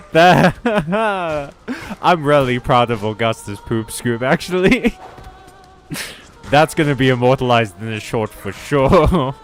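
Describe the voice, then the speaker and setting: Slow rambling male game streamer. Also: medium pitch, very animated, faint music behind. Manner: rambling, joking, swears. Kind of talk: casual gaming stream chat.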